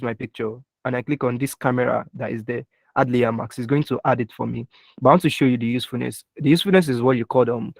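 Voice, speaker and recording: A young man leads a live online software lesson, walking through each keyboard shortcut one step at a time. He keeps stopping to ask his students whether they can follow. His voice is recorded dry and close on a computer mic, with keyboard taps heard under it. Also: mid-range voice, dry recording. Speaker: design instructor.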